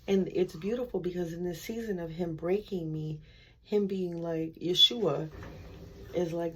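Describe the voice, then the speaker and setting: A woman's voice: lowish voice, a little slow, a bit bright, husky. A woman giving a candid, conversational faith testimony, acting out her inner dialogue with God. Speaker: speaker sharing a faith testimony.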